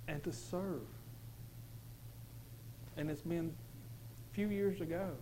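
A man with a fairly high voice telling his own testimony to a church crowd. He talks earnestly, restarting and repeating phrases as he goes. A faint hum sits under him. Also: steady tone, takes it slowly, dark tone, low-quality recording. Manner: earnest, repetitive, emphatic with stumbling restarts. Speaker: father giving a church testimony. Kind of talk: personal testimony to a congregation.

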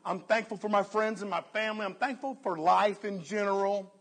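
A man's voice: sits high, a bit bright. A man voicing a hesitant elderly nursing home resident who stammers and restarts. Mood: grateful. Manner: halting, stammering.

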